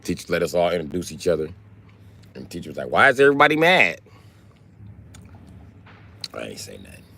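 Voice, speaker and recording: Animated, profane man ranting. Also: a bass voice, very fast, vocal fry, slight background noise. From Illinois. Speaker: livestream host. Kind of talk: profane comedic rant.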